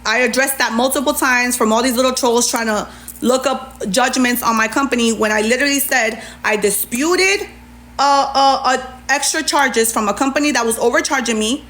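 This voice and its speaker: Woman, indignant livestream rant, sassy, slightly high voice. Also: moderate pace, a bit bright. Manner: indignant, sassy, reads messages aloud. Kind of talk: ranting livestream monologue.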